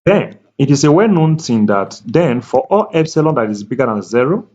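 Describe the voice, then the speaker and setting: A man tutoring math at a board, speaking slowly and deliberately, repeating key words and checking that the viewer is following. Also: mid-range voice, very animated, darkish tone, a little hiss or hum. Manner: slow, deliberate, repeats key words, asks "can you see that?". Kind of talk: whiteboard math lecture. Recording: dull lo-fi recording.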